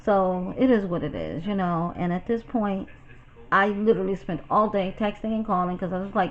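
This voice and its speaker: A woman's voice: mid-range voice, fairly quick. Woman from new york venting on a storytime vlog, cussing a lot, kinda muffled lo-fi sound. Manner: blunt, profane, animated retelling. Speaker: YouTuber.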